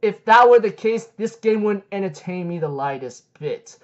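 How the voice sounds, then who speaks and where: A man retelling the lines of an arrogant, boastful male warrior in a slow, proud way. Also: sits high, expressive. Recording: dull lo-fi recording.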